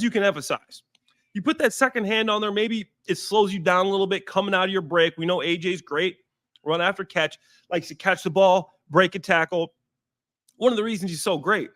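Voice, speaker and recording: A man's voice: high-pitched, brisk, fairly bright tone, dry recording, studio quality. A man in his thirties, a former pro football player, talking through a game in casual, emphatic analysis and repeating key points for stress. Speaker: former NFL player, guest. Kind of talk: casual sports analysis chat.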